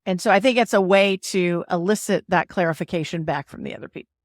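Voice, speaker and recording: A woman's voice: on the low side, fast, dry recording, clean studio sound. A woman hosting a podcast, explaining ideas in a casual, playful way and leaning on emphasis. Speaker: podcast host.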